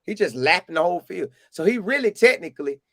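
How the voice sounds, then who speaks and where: A man's voice: quick pace, dry recording, clean studio sound. A man from Florida with a Southern accent, animatedly telling a casual story and acting out what people said. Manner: animated, acts out quotes in a higher voice. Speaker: storyteller recounting a game visit.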